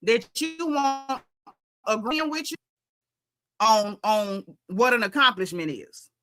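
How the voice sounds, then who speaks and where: Bright-voiced woman giving an animated recap. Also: a little high, slow. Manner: animated, conversational, talks straight to viewers. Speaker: reality TV recap vlogger. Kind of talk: casual reality-show recap commentary.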